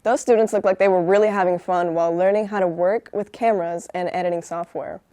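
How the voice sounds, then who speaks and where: A teenage girl anchoring a school news show in a brisk, cheerful way. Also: on the low side, fairly even intonation, warm tone. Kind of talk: scripted school news reading.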